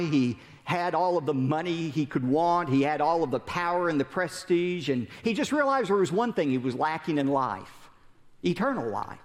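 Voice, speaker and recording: A male preacher with a fairly high, very animated voice that swoops up and down as he tells stories and asks rhetorical questions. A long hall reverb trails after his words. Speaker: pastor. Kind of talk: sermon.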